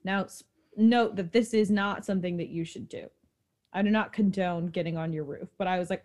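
Fast-talking young woman telling a story. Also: mid-range voice, a little mellow. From New York. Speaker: podcast co-host. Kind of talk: casual storytelling chat.

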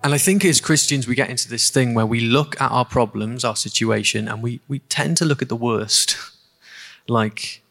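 A man preaching a sermon and leading a prayer, earnest and halting, often repeating words. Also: medium pitch, vocal fry, fairly bright tone, long reverb tail. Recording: faint guitar music behind.

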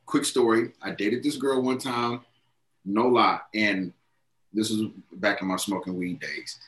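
A man's voice: fairly low pitch, a little slow, reverberant, rough recording. A young man co-hosting a podcast, telling stories in casual chat, slangy and swearing freely. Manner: animated storyteller, swears a lot, slangy. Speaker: podcast co-host.

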